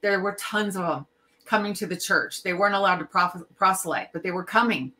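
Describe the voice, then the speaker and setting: A woman's voice: lowish voice, a little fast, pushed and bright. A middle-aged woman in a casual podcast discussion, voicing emphatic, indignant opinions. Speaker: podcast co-host.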